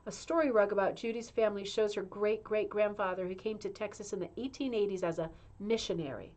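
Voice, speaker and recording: In an indoor room with a humming heater, a middle-aged woman on a casual livestream reads a magazine out loud, tossing in chatty asides. Her medium-pitched voice stays steady and a little mellow, moving fairly quickly.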